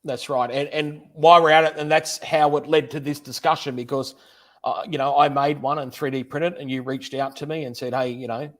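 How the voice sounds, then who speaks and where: A man's voice: a little high, steady tone, a little fast. A man, hosting a casual livestream interview in a chatty, friendly way. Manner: chatty, friendly, repeats words. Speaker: host, interviewer.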